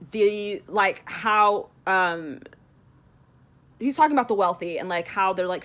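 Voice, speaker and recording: A woman's voice: mid-range voice, fairly bright tone. A woman talking casually in a devotional vlog, rambling with many fillers and acting out her own complaints with sudden dramatic swings. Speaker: Christian vlogger. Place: in Texas.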